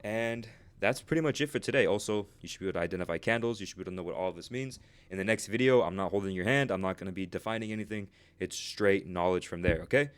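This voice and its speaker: Guy with a deep-ish voice rattling off a casual lesson super fast, keeps saying right?. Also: clean tone. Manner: fast, chatty, says "right?" constantly. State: out of breath. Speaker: trading instructor.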